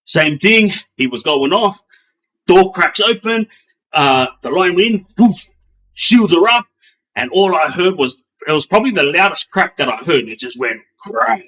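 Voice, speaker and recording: A middle-aged man, a former gang member, casually telling prison stories in an animated way, acting out sounds and quotes with lots of fillers. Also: unhurried. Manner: animated, acts out sounds and quotes with bursts of raised pitch; many fillers and restarts, loose slangy delivery. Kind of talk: casual storytelling.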